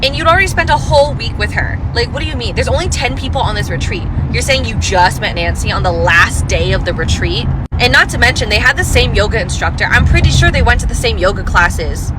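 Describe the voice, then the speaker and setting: A woman hosting a commentary channel, ranting angrily with heavy swearing and sarcasm. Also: fairly high pitch. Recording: loud traffic noise behind.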